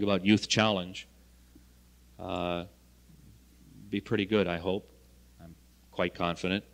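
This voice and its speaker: Folksy stories and rhetorical questions fill this anecdotal lecture, which a health education coordinator gives to students in a lecture hall. His voice is medium-pitched and a bit bright, and the 1970 archive recording carries the hall's reverberation.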